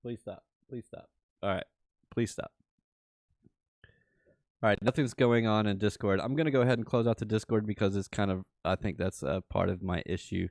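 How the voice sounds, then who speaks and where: Male crypto livestreamer, lower voice, dry close sound, chatty and rambling with viewers. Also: fast, gravelly, few pauses, a little mellow, no echo, soft background music. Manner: rambling, chatty, often laughing, talks to viewers. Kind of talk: casual livestream chat.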